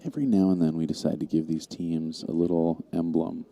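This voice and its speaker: A man's voice: sits low, flat delivery, brisk, creaky, dark tone, a little hiss or hum. A man giving casual live commentary on a pool match, talking steadily through the shot choices.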